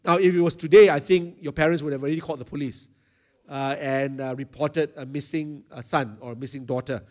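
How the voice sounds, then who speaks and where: Middle-aged pastor, slightly raised pitch, gives a youth chapel lesson with lots of "uh" pauses. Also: male voice, fairly even intonation. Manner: talks to a live student audience, asks them questions; frequent hesitation fillers. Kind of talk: teaching a youth chapel talk.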